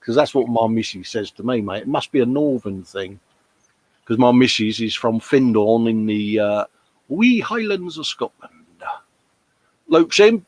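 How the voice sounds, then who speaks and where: A man's voice: mid-range voice, lively intonation, measured pace, darkish tone. A man hosting a live modelling stream, chatting casually and bantering with viewers' comments. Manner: chatty, matey, jokey banter. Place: hobby workshop at a bench.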